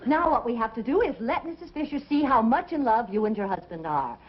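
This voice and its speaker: An actress in a 1950s sitcom playing a brisk, bossy best friend. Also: female voice, a little high, lively intonation, husky. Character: pushy helpful best friend, adult woman. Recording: dull old TV soundtrack, audience murmur.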